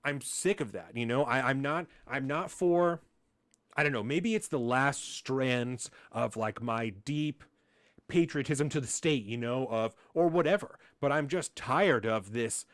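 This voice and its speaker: A man's voice: mid-range voice, measured pace, no echo, studio quality. Heated, swearing male podcast host. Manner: heated, profane ranting, mocking voices. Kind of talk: casual political podcast talk.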